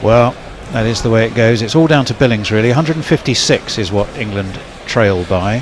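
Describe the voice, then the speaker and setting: A man's voice: lowish voice, moderate pace, noisy background. A man giving ball-by-ball cricket commentary in a chatty way, checking himself aloud.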